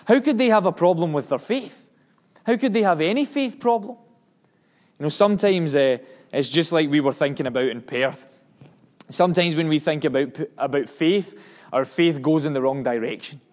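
A Scottish man preaches to a congregation, his voice sitting a little high for a man. He talks earnestly and with emphasis, often restarting his words as he reports on his mission work. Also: normal speed.

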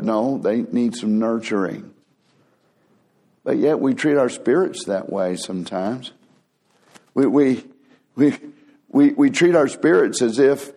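Unhurried and animated, this male pastor keeps his sermon conversational. He shifts from high, pleading quoted voices down to low, hushed warnings.

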